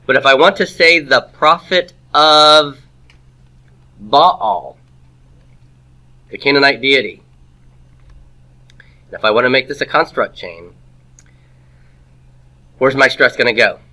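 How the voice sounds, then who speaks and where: A man teaching a Hebrew grammar class in a classroom, lecturing and firing quick rhetorical questions at the students. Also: medium pitch, animated, sharp tone.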